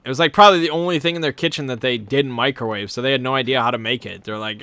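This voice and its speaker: A man's voice: medium pitch, racing, few pauses, sharp tone, dry recording. A man hosting his channel, telling a rambling, amused anecdote in a casual way. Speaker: channel host. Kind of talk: casual storytelling.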